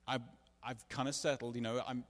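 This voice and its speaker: Preacher giving a testimony, earnest, mid-pitched man, echoing hall. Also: level tone, brisk. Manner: earnest, confessional, acts out dialogue. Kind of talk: sermon testimony storytelling. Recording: long reverb of a large hall.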